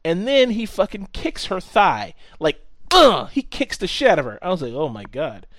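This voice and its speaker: A man telling a story in casual chat, animated, swearing often and acting out what people said. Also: sits high, normal speed, no echo.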